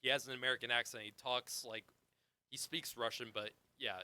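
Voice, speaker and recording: A man's voice: mid-range voice, fairly even intonation, a little fast, pushed and bright, smooth, dry recording. A man co-hosting a casual movie review podcast, blunt and emphatic, with frequent swearing. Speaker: podcast co-host.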